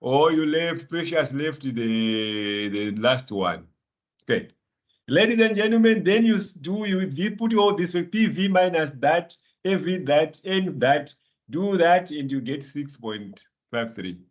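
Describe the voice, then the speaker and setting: Lively encouraging male lecturer. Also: fairly high pitch, unhurried, muffled recording. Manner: lively, encouraging, calls students by name, laughs often. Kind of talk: live online finance class.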